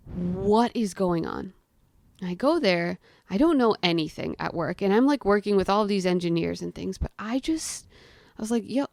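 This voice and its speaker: A woman's voice: lowish voice, vocal fry, a little mellow, dry recording. A young woman tells a story in a chatty, casual way, peppering her talk with "like". She acts out the voices of herself and others as she goes. The sound is dry and close. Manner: chatty, frequent "like" fillers. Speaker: guest storyteller.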